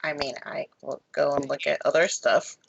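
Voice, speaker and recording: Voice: mid-range voice, steady tone, moderate pace, gravelly, heavy background noise. A player in a tabletop game, making wry side remarks. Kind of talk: tabletop role-play chat. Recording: dull lo-fi mic.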